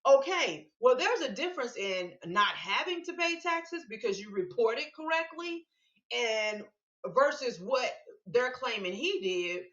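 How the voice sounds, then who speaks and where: A woman vlogger talks through her opinions in casual commentary, leaning hard on words and repeating them for stress. Her voice is bright and fairly high. The sound is dull and lo-fi, with a roomy echo. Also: expressive, unhurried. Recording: echoey room, dull lo-fi sound.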